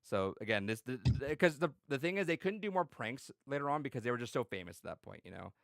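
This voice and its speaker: A man co-hosting a podcast, telling a story in casual chat, swearing a lot and acting out quotes with loud yelled voices. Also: mid-range voice, very animated, fast, gravelly, no room sound, studio quality. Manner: swears freely, many fillers. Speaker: podcast co-host.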